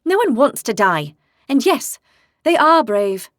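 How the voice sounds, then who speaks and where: A woman voicing a sharp-tongued young female ranger in an audiobook, pitched higher than her narration, reproachful and quick. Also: sing-song, dry recording, studio quality.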